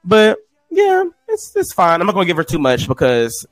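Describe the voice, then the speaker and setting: Chatty slangy man, fairly high voice. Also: wildly swooping pitch, dry recording, poor audio. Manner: chatty, slangy, quick to interject. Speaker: podcast co-host. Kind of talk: casual chat.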